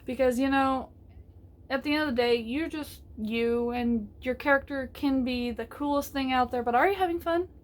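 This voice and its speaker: A woman's voice: high-pitched, normal speed. A woman giving casual, rambling advice on a tabletop game, with many fillers and restarts, laughing often.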